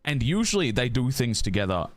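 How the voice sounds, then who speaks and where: A blustering Australian bloke from a role-play game, voiced by a man who lays the accent on thick. He spins a wild tale with a lively, bouncing pitch and caps every phrase with "mate". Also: a little fast, no echo, lightly acted. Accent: overdone Australian.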